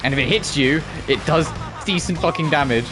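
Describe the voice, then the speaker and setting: A man's voice: on the high side, brisk, over music. A man streaming a game and commenting casually, swearing freely and laughing as he rants about the game. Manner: profane, ranting, laughs often.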